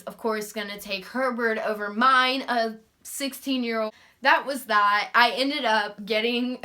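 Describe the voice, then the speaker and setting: A young woman vlogger telling a story in a casual, animated, profane and sarcastic way. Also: medium pitch.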